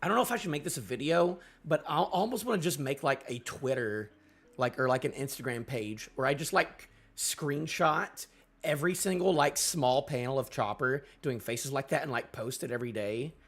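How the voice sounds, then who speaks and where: Excitable, gravelly young man reacting live. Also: medium pitch, moderate pace, soft background music. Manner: excitable, lots of fillers. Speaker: manga reviewer streaming live. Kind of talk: casual live reading and reaction.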